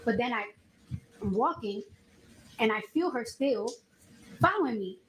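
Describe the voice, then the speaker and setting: A woman in her thirties giving courtroom testimony, telling her story in an animated, slangy way and acting out the dialogue. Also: on the high side, unhurried, a little hiss or hum, low-quality recording. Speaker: trial witness.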